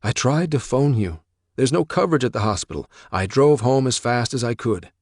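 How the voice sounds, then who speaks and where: A man's voice: mid-range voice, expressive, normal speed, darkish tone, dry recording, studio quality, voice pushed up. Man doing a defensive, anxious father. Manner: pleading, defensive. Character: anxious protective middle-aged father.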